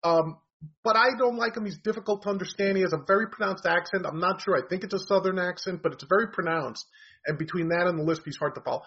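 A man with a high, husky voice talks in a loose, rambling way, full of fillers, and states blunt opinions. The audio sounds dull and lo-fi. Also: quick pace, a bit bright. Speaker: comedy commentator. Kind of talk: casual opinionated chat.

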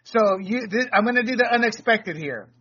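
A man's voice: sits high, expressive, normal speed, muffled recording, noisy background. A man hosting a casual talk show, rambling off topic and laughing often. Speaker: podcast host. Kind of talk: casual chat.

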